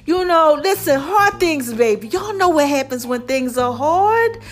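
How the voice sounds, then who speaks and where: A woman hosting her own online show, talking casually and warmly to her viewers, calling them "baby" and repeating phrases to drive her point home. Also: high-pitched, lively intonation, a little slow, soft background music. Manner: affectionate, calls listeners "baby" and "y'all"; preachy, repeats phrases for emphasis. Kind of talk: casual motivational talk to viewers.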